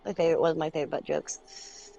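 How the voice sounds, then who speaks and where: A woman's voice: deep voice, fairly even intonation, fast talker, gravelly, dark tone, muffled recording. A woman co-hosting a casual gaming video who giggles often and chats casually.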